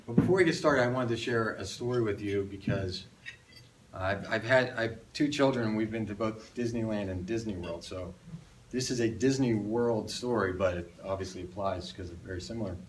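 Male presenter, lively storyteller, recorded at a distance on a phone in a restaurant room. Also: on the low side, fairly quick, slight background noise. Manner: animated storyteller, rhetorical questions. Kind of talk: conference talk telling a story. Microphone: phone on tripod across the room.

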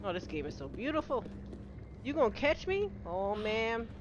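Chatty woman streamer, high and lively. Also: moderate pace. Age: middle-aged. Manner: chatty, greets viewers by name, laughs often. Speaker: game streamer. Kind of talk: casual live-stream gaming chat. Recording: slightly dull home-stream audio with steady noise.

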